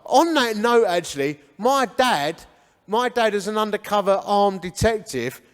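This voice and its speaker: A man's voice: sits high, animated, a little slow, clean tone. A man, telling his life story with humor and acting out the dialogue. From Hornchurch, England. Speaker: guest speaker. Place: church hall. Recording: echoey church hall.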